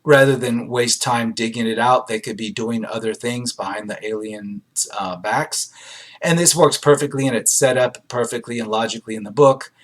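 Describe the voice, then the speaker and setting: Man, casual review commentary, sarcastic, dry asides, lots of ums, mid-pitched voice. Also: normal speed. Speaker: host reviewing audience film reviews.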